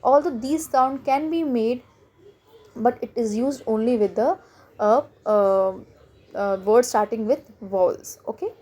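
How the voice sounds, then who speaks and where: A woman with an Indian English accent teaching a phonics lesson, explaining letter sounds step by step and repeating example words slowly, with frequent hesitant fillers. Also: a little high, warm tone.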